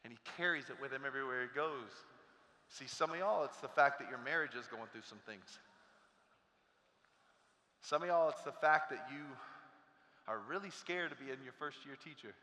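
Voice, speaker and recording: A man in his thirties giving a motivational talk to teachers, animated and quizzing the crowd while acting out stories. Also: medium pitch, normal speed, long pauses, big-room sound. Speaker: motivational speaker.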